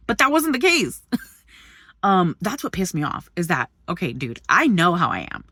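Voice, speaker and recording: A woman's voice: on the low side, big pitch swings, brisk, sharp tone, no echo, studio quality. A woman vlogging in a chatty storytelling way, swearing freely, laughing often and jumping between subjects. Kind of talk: casual storytelling vlog.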